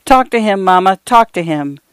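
A woman voicing a grieving mother who softly pleads, talking to her dead mother. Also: medium pitch, animated, moderate pace, smooth, no echo, lightly acted. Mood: pleading.

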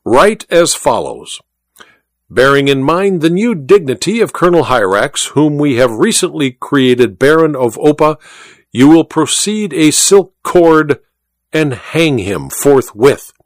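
A man's voice: fairly high pitch, sing-song, a little slow, no echo. A man voicing an imperious, ruthless old duke in an audiobook, speaking with haughty, theatrical exclamations. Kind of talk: audiobook reading.

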